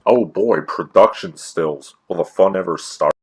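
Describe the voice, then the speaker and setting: Very deep, husky man reviewing dryly. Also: unhurried, faint music behind. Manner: dry, sarcastic asides. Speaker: video reviewer and host. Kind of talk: comedic scripted review commentary.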